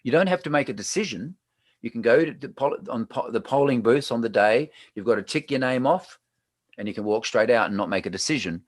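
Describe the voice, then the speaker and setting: A man's voice: medium pitch, lively intonation, fairly quick, no room sound. A man from Australia with an Australian accent, hosting a chatty, joking live talk show after a panel. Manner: chatty, jokey, laughs often. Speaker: host. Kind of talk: casual livestream chat.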